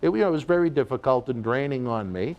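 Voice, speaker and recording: A man hosting an interview, asking gentle, probing questions and sharing a little of his own experience. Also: mid-range voice, expressive, fast talker, lo-fi sound. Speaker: host. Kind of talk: interview chat.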